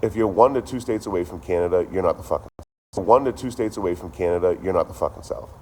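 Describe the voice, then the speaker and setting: A man's voice: low voice, fast, a little mellow, slight background noise. A man streaming to a live chat, ranting casually and profanely, repeating his lines as he goes.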